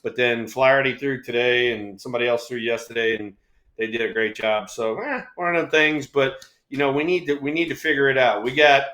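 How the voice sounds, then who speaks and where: A man's voice: mid-range voice, fairly quick, pushed and bright, reverberant. A man in his sixties co-hosting a sports talk show, telling stories in a rambling way with lots of fillers. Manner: rambling storyteller, lots of "you know". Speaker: former ballplayer co-host. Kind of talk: casual sports chat.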